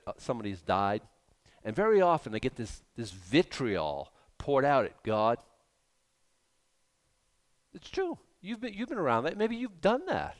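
A man preaching a sermon with animated delivery, swinging between hushed and loud. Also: medium pitch.

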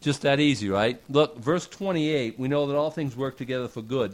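A man's voice: medium pitch, normal speed. A man preaching a casual sermon, talking conversationally with rhetorical questions and folksy asides.

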